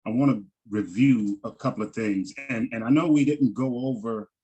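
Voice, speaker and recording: A man teaching a Hebrew vowel lesson over a video call, halting and repeating words and often checking in with "right?". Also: medium pitch, mellow, rough recording.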